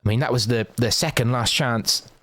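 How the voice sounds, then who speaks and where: A man giving quick, excitable live play-by-play as a game shoutcaster, with casual asides to his viewers. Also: medium pitch, no room sound, clean studio sound. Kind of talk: live esports commentary.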